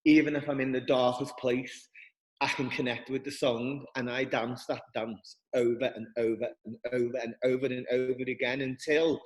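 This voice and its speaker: A man speaking earnestly and haltingly as a guest, often restarting his sentences. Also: mid-range voice, little pitch movement, big-room sound, rough recording. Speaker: guest, dance school director. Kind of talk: reflective interview talk.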